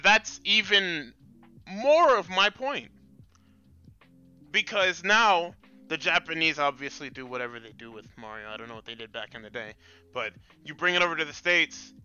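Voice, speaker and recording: Bright, crisp-voiced man arguing casually. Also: on the high side, normal speed, lo-fi sound, soft background music. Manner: profane, animated arguing. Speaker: podcast co-host. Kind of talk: casual gaming chat.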